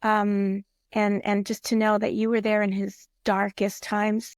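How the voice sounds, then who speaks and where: A woman's voice: medium pitch, completely flat delivery, measured pace, dry recording, studio quality. A woman hosting a podcast interview, speaking in a sincere, reflective way. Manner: sincere and reflective, with soft fillers. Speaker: podcast host. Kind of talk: conversational interview.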